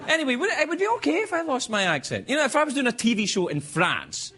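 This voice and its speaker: A man's voice: quick pace, few pauses, noisy background. A Scottish man hosting a late-night show, telling self-mocking stories in a stand-up monologue. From Scotland. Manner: animated, self-mocking storytelling with sudden high-pitched bursts. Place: television studio with live audience.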